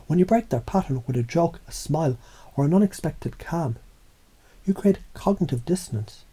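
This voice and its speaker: A man's voice: on the high side, expressive, moderate pace, warm tone, husky. A man delivering a scripted motivational monologue in an intense, profane, preachy way. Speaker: motivational speaker.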